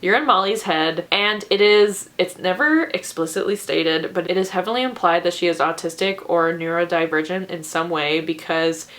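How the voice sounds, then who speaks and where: A woman's voice: lowish voice, moderate pace, hardly any pauses, a bit bright. A woman reviewing books in a casual vlog, ranting in an exaggerated way and laughing often. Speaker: book reviewer.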